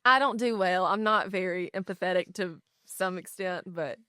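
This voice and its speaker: A woman co-hosting a podcast in casual chat, telling stories with lively acted-out quotes. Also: on the low side, normal speed, smooth, no room sound, studio quality. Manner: animated storyteller, acts out quotes. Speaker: podcast co-host.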